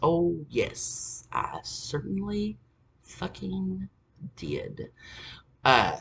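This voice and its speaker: A woman's voice: fairly low pitch, wildly swooping pitch, very slow, gravelly, a bit bright, slight background noise. A woman telling a family story to camera in an exasperated, sarcastic rant full of curse words. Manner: exasperated, heavily cursing, sarcastic.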